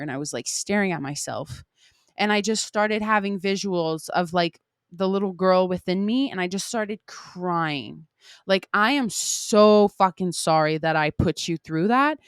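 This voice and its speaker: A woman's voice: on the low side, dry recording, clean studio sound. Candid, emphatic young woman podcaster. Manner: candid and emphatic, frequent swearing and "like" fillers. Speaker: podcast host. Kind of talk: casual solo podcast monologue.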